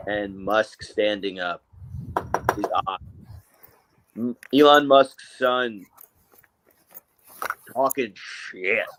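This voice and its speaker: Man chatting in halting restarts. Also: on the low side, a bit bright, a little hiss or hum, low-quality recording. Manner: rambling, halting, many fillers and restarts. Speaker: co-host. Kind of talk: casual political chat.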